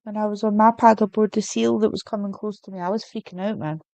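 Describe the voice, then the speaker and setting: A woman's voice: mid-range voice, steady tone, fast talker, vocal fry, mellow, clear, resonant tone, dry recording. A woman co-hosting a live stream, chatting casually and telling a story with easy laughter. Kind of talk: casual chat.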